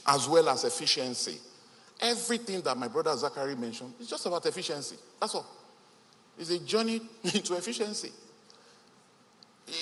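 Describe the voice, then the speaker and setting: A man's voice: a little high, a bit bright. A man giving an emphatic motivational speech at a business event in a large hall, repeating key phrases for weight. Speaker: conference speaker. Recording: echoey hall with faint ambience.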